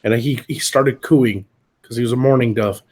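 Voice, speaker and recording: A man hosting a live stream, chatting casually and telling animated, profanity-filled stories. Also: medium pitch, normal speed, slight background noise. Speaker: stream host. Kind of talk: casual chat.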